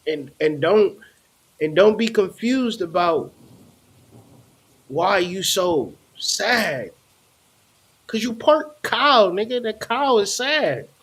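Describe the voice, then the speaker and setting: A man with a slightly high voice rants in a loose, unhurried way, full of slang and casual cursing. He is a spiritual teacher talking to his own audience, animated and blunt. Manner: animated, slangy, swears freely. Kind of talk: casual ranting monologue.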